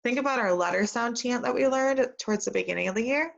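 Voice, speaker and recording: Gravelly woman teaching early reading. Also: a little high. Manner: reads sentences slowly and models sounding out words. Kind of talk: early reading lesson for young children. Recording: dull lo-fi recording.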